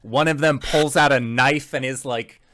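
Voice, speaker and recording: A man's voice: mid-range voice, fairly even intonation, moderate pace, pushed and bright. A man narrating as game master for a tabletop game, rambling with many fillers.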